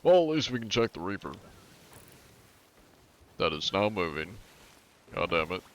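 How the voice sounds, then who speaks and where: Brief: male streamer in his twenties, lowish voice, dry wry humor, casual gaming chat. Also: big pitch swings, measured pace.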